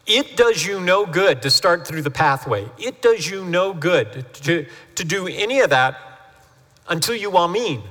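A man's voice: fairly high pitch, a bit bright. A man preaching a sermon as the family pastor, chatty and storytelling, acting out quoted voices as he goes. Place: church sanctuary. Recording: long hall reverb from a church sanctuary.

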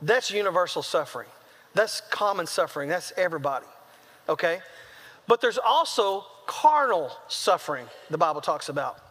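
Man, preacher, very high voice, funny story acting out voices, long hall reverb. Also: moderate pace. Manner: animated storyteller who acts out quotes. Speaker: traveling preacher. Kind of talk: sermon with comic storytelling.

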